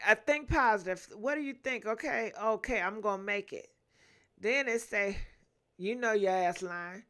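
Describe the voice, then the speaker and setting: A woman's voice: a little high, bright, forceful tone. A young woman, hosting a casual gossip livestream, reading viewer comments aloud, laughing often and humming to herself between them.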